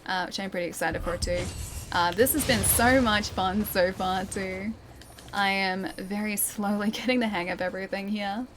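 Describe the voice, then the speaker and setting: A young woman with an Australian accent chats through a game as a streamer, laughing often and joking at her own expense. Her voice sits at an ordinary middle pitch for a woman, and a faint ambient hum lies under it. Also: fairly even intonation, moderate pace. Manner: chatty, giggly, self-deprecating. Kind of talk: casual gameplay commentary.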